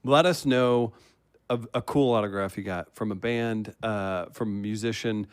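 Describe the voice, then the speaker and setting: A man hosting a casual drinks livestream, upbeat and quick with a laugh. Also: fairly low pitch, steady tone, clear, resonant tone, no echo, studio quality. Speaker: host.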